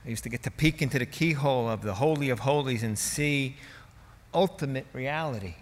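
A male pastor delivering a dramatic, emphatic sermon, his loudness swinging widely from hushed to booming. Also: a little fast, in a large hall.

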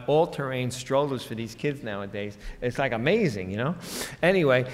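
A man preaching a sermon in a casual, conversational way, acting out quoted voices. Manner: conversational, acts out quoted voices with jumps in pitch. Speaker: pastor. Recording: long hall reverb.

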